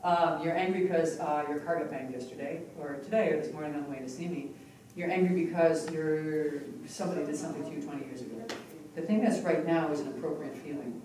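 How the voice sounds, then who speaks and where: A woman presenting a live hypnotherapy teaching demonstration in an expressive, conversational way, recorded from a distance in a large conference hall. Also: low-pitched, a little fast. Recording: echoey hall from far off with noise.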